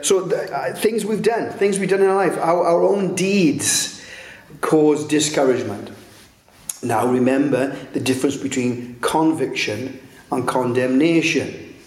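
Halting preacher man in an echoey room. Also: on the high side, darkish tone. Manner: halting, many restarts and tag questions. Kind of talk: sermon.

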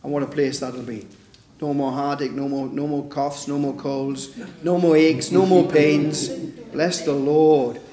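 A man's voice: a little high, steady tone, a little slow, few pauses, mellow, reverberant. A man preaching informally at a Bible study, talking conversationally and tagging points with rhetorical questions. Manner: conversational, with frequent "isn't it?" tag questions.

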